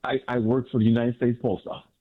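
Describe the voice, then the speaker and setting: A man calling in to a radio show, talking in an excited, animated way with lots of repetition. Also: mid-range voice, quick pace. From Miami area. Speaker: caller. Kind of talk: excited call-in chat. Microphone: phone. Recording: tinny phone line.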